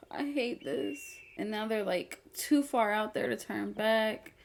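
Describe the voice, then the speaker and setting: A woman's voice: mid-range voice, takes it slowly, gravelly. A woman hosting a movie reaction, talking casually and exclaiming at the screen as she watches. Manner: expressive, exclaims and talks at the screen.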